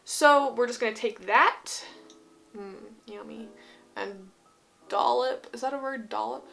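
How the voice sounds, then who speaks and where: A woman's voice: on the high side, takes it slowly, creaky, a bit bright, soft background music. Bubbly young woman with a Utah accent. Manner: chatty, bubbly, rambling asides. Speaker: beauty vlogger. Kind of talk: casual skincare tutorial. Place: home, indoors.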